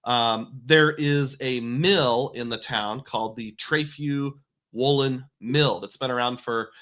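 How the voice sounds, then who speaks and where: Bright-voiced chatty dad. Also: male voice, medium pitch, slow. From United States. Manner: chatty, folksy, self-correcting asides. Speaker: family travel vlogger. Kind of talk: casual voice-over narration of travel photos.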